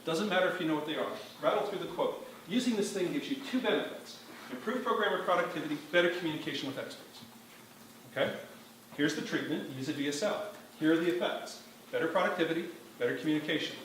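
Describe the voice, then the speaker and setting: A man's voice: a little high, lively intonation, fast, a bit bright, a little hiss or hum. A man giving a live conference talk to an audience, emphatic and wry, often quizzing the room. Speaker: conference speaker. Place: large hall with audience. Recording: very echoey hall, distant mic.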